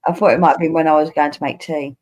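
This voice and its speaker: A woman's voice: sits low, steady tone, quick pace, darkish tone, muffled recording. A woman from Kent with a Kent English accent, hosting a livestream and chatting casually with teasing, swearing banter. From Kent, England. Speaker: livestream host.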